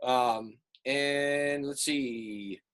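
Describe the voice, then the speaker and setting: A man teaching an online art class over a video call, relaxed and rambling with many fillers. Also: medium pitch, very slow, smooth. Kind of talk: online class lecture and critique.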